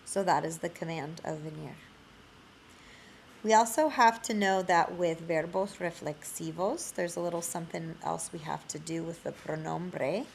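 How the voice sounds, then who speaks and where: Woman, Spanish teacher, gravelly low voice, slow screencast lesson. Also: steady tone, a little hiss or hum.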